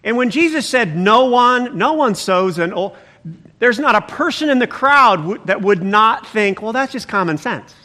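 Here a pastor's high-sitting voice moves at normal speed through an animated, conversational sermon. He exclaims now and then while reading and explaining the passage.

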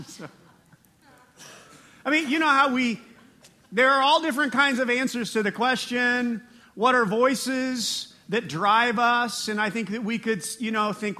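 A man preaching a sermon as pastor, animated, with laughing asides and rising emphasis. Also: very high-pitched, a little slow.

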